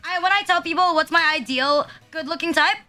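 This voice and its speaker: A young woman with a very high, bright voice rants to her stream in casual chat, leaning on "like" at every turn and swearing freely. Her speech is quick to restart and loose. Soft music plays under her voice. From Philippines. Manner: ranting, heavy use of "like", profane. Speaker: VTuber streamer. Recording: music playing behind.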